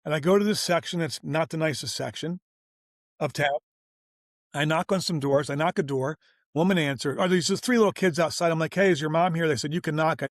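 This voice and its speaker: A male guest on a business interview program recounts a story informally and energetically, performing each line of dialogue himself. He speaks a little fast with a fairly high voice, and the studio sound is clean with no room reverb.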